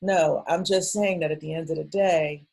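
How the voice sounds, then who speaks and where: Woman guest on a video call, deep husky voice, hesitant and rambling. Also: steady tone, moderate pace, darkish tone. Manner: rambling, hesitant, many fillers. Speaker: guest speaker. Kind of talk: casual video-call chat.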